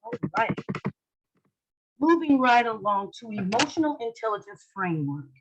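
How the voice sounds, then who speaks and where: Running an online class like a lecture, a woman speaks at normal speed with a high-ish, very animated voice. She's playful, acting out facial expressions and tossing in jokes. The recording is muffled and has background noise.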